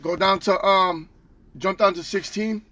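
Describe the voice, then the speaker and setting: A man's voice: high voice, fairly even intonation, a little slow, bright, forceful tone. A man teaching from the Bible in a casual street style, tagging nearly every line with "okay?" and "all right?", slangy and profane.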